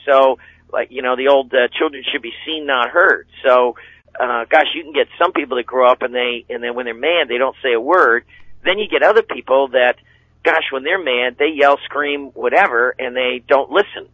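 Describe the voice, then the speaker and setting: Middle-aged male coach, folksy rambling radio guest, mid-pitched voice, lo-fi sound. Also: normal speed. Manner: folksy, rambling, with fillers and acted-out quotes. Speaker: seminar speaker and relationship coach. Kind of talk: guest talk on a radio show. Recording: dull lo-fi radio audio.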